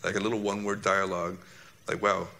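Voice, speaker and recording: A man, a former soldier recounting an incident in a halting, reflective personal monologue. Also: low voice, flat delivery, sharp tone.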